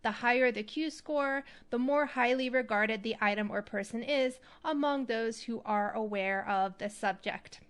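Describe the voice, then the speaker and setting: A woman hosting an acting advice show, talking in a chatty, animated way. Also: on the high side, unhurried, few pauses, clean tone. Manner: chatty, animated, demonstrates voices. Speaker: podcast host.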